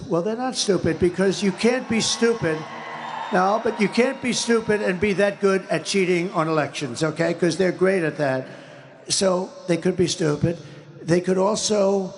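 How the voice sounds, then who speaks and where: A man's voice: high voice, vocal fry, in a large hall, a little hiss or hum. An older man giving an interview, talking in an emphatic, repetitive, rambling way. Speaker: interview guest. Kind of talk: interview conversation.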